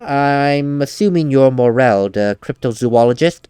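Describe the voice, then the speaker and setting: A man's voice: medium pitch, expressive, measured pace, darkish tone, smooth, no room sound, soft background music. A young man playing a video game, chatting and giggling while reading lines aloud. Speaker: let's play gamer. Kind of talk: casual game commentary.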